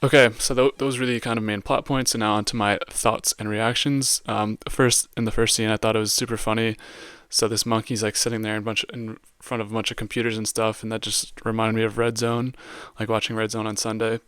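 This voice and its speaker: A man talks through a movie review in a loose, slangy way, leaning on "like" constantly. His voice is smooth and fairly flat in pitch. The recording is dry, with no room sound. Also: a little fast, few pauses, no room sound. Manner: casual, heavy use of "like" and slang. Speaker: podcast host reviewing a film. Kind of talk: casual movie review monologue.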